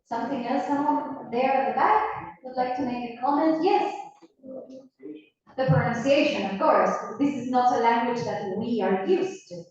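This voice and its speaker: A woman teaching a class in English with an Argentine Spanish accent, Spanish her first language, asking students questions in a slow, encouraging way and often repeating her words. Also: high-pitched, a little mellow. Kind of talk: classroom lecture. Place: university classroom. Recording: echoey classroom, distant mic, dull sound.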